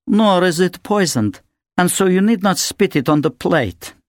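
Guy doing a snooty cold mum voice, pitched way up, sneering at everyone, dry close sound. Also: lively intonation, measured pace, no echo. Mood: scornful. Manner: contemptuous, haughty. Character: cool, scornful woman, a mother.

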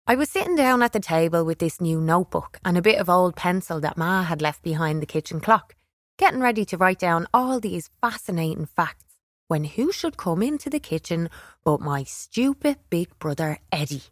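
A woman reads a first-person children's story aloud, wry and expressive. Her voice sits on the low side. The studio recording is dry and close to the mic. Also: normal speed, no room sound. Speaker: audiobook reader.

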